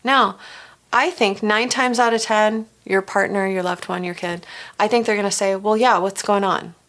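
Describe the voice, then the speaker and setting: A woman's voice: mid-range voice, steady tone, normal speed, fairly bright tone. A woman presenting a family recovery course, coaching listeners with rhetorical questions and acted-out sample phrases. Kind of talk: teaching a workshop.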